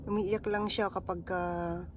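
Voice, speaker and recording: A woman's voice: medium pitch, level tone, measured pace, very noisy. A young woman vlogging from a hotel room with her baby, chatting casually and playfully and often laughing. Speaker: vlogger, mother. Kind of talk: casual family vlog, switching to baby talk.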